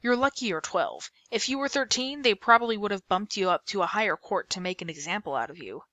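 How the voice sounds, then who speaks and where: A woman reading aloud and voicing a gruff, impatient male public defender with a sarcastic manner. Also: high-pitched, animated, brisk, sharp tone, dry recording. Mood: irritated.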